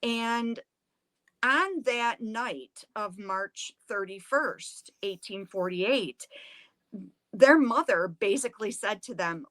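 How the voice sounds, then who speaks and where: A woman's voice: mid-range voice, takes it slowly, no room sound. A middle-aged woman, a museum director, telling a historical story with drama and acting out the quotes. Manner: animated, acts out the quotes.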